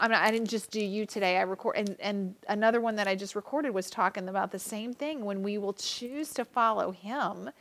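A woman hosting an interview, talking enthusiastically and quickly with many fillers. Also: mid-range voice, fairly bright tone. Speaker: host. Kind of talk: casual interview chat.

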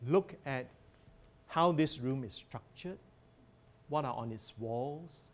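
A man's voice: mid-range voice, slow pace. A man presenting a teaching workshop as a professor, earnest and emphatic as he guides listeners through slides.

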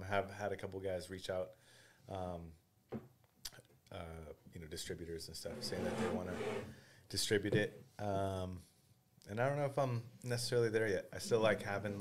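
A man's voice: fairly low pitch, background noise. A man as a podcast guest in casual chat, swearing freely and acting out quotes as he tells stories. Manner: profane, animated storytelling with acted-out quotes.

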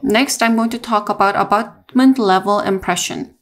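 A woman narrating a technical dental lesson in a measured, explanatory way, with small restarts. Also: mid-range voice. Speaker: dental lecturer.

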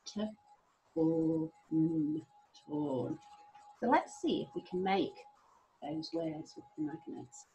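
A middle-aged woman teaching a phonics lesson to young children, sounding out letters slowly with a sing-song, encouraging manner. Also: on the low side, big pitch swings, creaky, dark tone, a little hiss or hum, low-quality recording. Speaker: primary school teacher.

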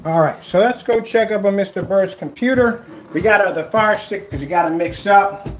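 Slight background noise sits under a man's high voice, which moves at a moderate pace. Hosting a casual livestream as the DIY projector screen paint video guy, he answers viewer comments with brash teasing, trash talk and sarcastic soothing.

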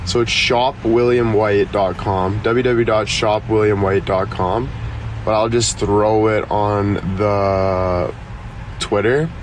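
Young man, from Canada, rambling live-stream chat, joking, lots of fillers, fairly low voice, street traffic clearly behind. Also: little pitch movement, slow, poor audio.

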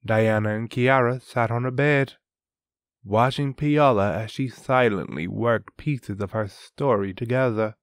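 A man reading a fantasy story aloud as narrator, in a measured, even way. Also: medium pitch, smooth, dry recording. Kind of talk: audiobook narration.

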